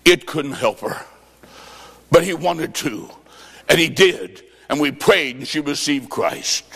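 A man preaching a revival sermon, telling a story with acted-out quotes and rising to shouts. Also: a little high, lively intonation, slow pace, vocal fry, slightly rough, long reverb tail. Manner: fervent, shouting at peaks, acts out quotes.

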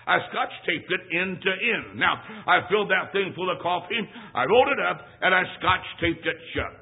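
A man's voice: high-pitched, expressive, normal speed. A man preaching a sermon as a traveling evangelist, telling a funny boyhood story in a folksy, emphatic way with punchy repetition. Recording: thin phone-like sound.

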